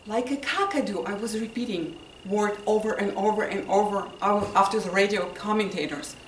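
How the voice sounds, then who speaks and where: A woman whose first language is not English gives a humorous speech to an audience, telling her story with lively delivery and acting out lines. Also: mid-range voice, normal speed. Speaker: contest speaker. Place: indoor meeting room with audience. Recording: roomy, distant, with noise and audience laughter.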